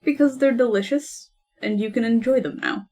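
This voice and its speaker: Cheerful young female adventurer, played by a woman; warm teasing reads. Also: on the high side, moderate pace, faint music behind, pitched above the performer's own voice, close to an everyday voice. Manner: friendly, teasing. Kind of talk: tabletop role-play.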